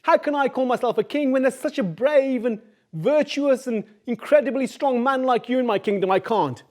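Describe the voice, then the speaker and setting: A man's voice: extremely high pitch, pitched above the performer's own voice. A man doing a fussy, timid old king. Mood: gushing. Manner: hurried, apologetic, then gushing.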